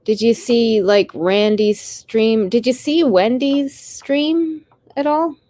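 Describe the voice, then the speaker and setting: A woman's voice: a little high, takes it slowly, dark tone, dry recording. A Canadian woman with a Canadian accent, hosting a casual live stream, tired and rambling as she answers her chat with small apologies.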